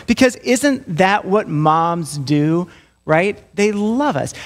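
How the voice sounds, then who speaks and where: A middle-aged male pastor gives a sermon, opening with an animated personal story. His voice sits high for a man, and he slips into quick voices for the children and his mother as he tells it. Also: big-room sound. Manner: lively storytelling, acts out voices of kids and mom.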